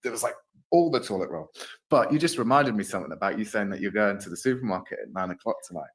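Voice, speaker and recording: A man's voice: lowish voice, expressive, fast talker. A man being interviewed, chatting casually and rambling with lots of fillers.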